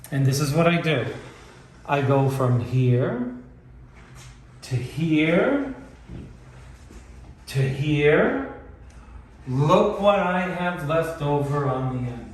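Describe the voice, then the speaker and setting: Slow-talking man teaching in an echoey room. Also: fairly high pitch, expressive. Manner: patient, explains step by step, repeats points. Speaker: wallpaper installer teaching beginners. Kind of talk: hands-on instructional demonstration. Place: indoor room being wallpapered. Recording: very echoey room, voice from far off, faint ambience.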